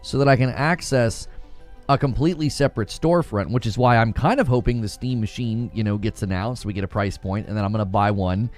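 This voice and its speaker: A man's voice: fairly low pitch, a little fast, soft background music. A man hosting a casual podcast discussion, asking curious questions and often restarting his words. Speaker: podcast host.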